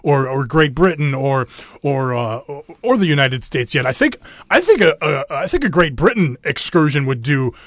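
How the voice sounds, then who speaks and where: A man with a fairly high voice co-hosts a podcast, rambling casually through match recaps with lots of fillers and restarts. The sound is dry and close to the mic. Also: very animated, normal speed, no echo. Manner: rambling, many restarts and fillers, laughs often. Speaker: podcast co-host.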